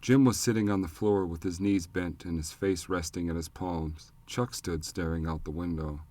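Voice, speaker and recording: A low-voiced man narrates an audiobook from a script, telling the story in a measured, even way on a close studio mic.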